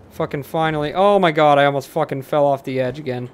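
A man streaming a game live, swearing often and talking to the enemy, swinging from mutters to panicked shouts. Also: fairly high pitch, brisk, hardly any pauses, slight background noise. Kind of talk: live gameplay commentary.

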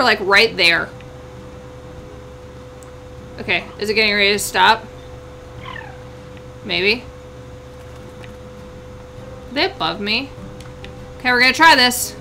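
A woman hosting a let's play, chatting through the game and breaking into excited squeals and exclamations. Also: on the high side, unhurried, vocal fry, pauses often, slight background noise, rough recording. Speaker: gaming channel host.

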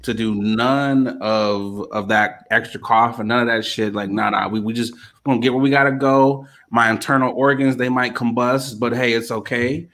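A man co-hosting a casual podcast from home, bantering loudly with lots of slang and laughter over a remote call. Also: mid-range voice, fairly even intonation, moderate pace, few pauses. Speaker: podcast co-host. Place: home in Chicago.

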